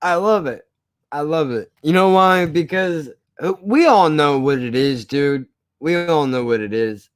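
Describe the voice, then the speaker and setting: A man's voice: on the high side, unhurried, smooth, dry recording. A man streaming live, ranting casually in a rambling, profane way with frequent restarts.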